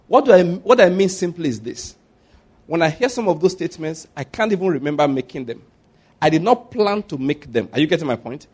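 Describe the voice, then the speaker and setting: A middle-aged man with a Nigerian accent preaching a sermon as a pastor, animated and laughing at his own stories. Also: a little high, brisk, husky.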